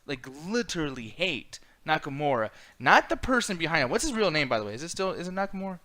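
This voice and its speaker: A man co-hosting a casual wrestling podcast, ranting with lots of swearing, jumping between loud and quiet. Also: high-pitched, sing-song, fast talker, few pauses. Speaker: podcast co-host. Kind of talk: heated casual wrestling chat.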